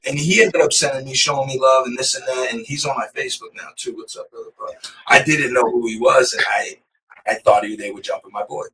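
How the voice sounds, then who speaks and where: A man's voice: medium pitch, brisk, sharp tone, recorded from a distance, slight background noise, rough recording. A man from Massachusetts, a podcast guest, telling a prison story in a rambling, profane, casual way. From Massachusetts, USA. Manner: rambling, profane, keeps saying "you know what I mean".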